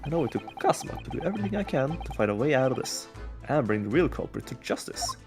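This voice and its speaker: An earnest, worried young law student in a game dub, as a fan performer voices him. His pitch rises and falls freely as he thinks aloud. Faint music plays behind. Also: sing-song, fast. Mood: anxious. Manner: earnest inner monologue.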